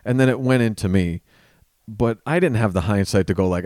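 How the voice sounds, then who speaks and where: A man, a comedian guest on a podcast, telling stories in casual chat with lively swearing. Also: fairly low pitch, a little fast, no room sound, clean studio sound. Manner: animated storyteller, swears freely.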